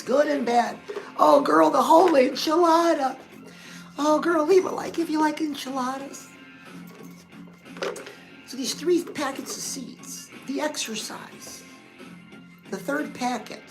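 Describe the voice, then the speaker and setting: A woman's voice: sits high, low-quality recording. A woman hosting a livestream pep talk, coaching listeners in a sassy, direct way and calling them "girl". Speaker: host.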